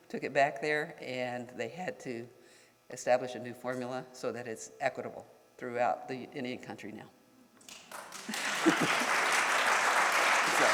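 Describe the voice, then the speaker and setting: A man's voice: medium pitch, a bit bright. A man speaking as a tribal leader, telling a wry anecdote at a symposium. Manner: storytelling, wry, chuckling. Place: conference hall. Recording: long reverb of a hall.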